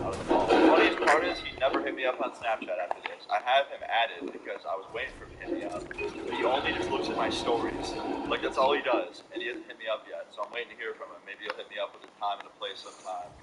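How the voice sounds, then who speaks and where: A young man tells a storytime vlog in a quick, mocking, profane rush. His voice sits a little low. A loud hiss runs through the home recording. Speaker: vlogger.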